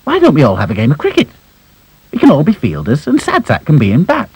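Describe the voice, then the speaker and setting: A man's voice: fairly high pitch, wildly swooping pitch, moderate pace, breathy edge, no room sound, voice pushed up, exaggerated voice, low-quality recording. A man voicing an eager, dithery female rag doll in a storybook cartoon, who talks in a rush.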